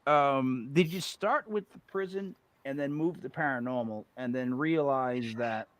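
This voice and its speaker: A man hosting a podcast in casual chat, joking and animated. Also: mid-range voice, a little slow, no room sound. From New England, near Boston. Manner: animated, joking, slips into mock accents. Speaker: podcast host.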